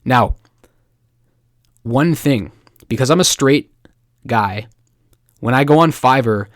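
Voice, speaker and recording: A man from Canada hosting a casual marketing tutorial, chatty and excitable, breaking into jokes and acted-out quotes. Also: mid-range voice, slow pace, no room sound, clean studio sound. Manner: chatty, excitable, joking asides, acts out quoted voices. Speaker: marketing video host. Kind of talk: casual talking-head tutorial.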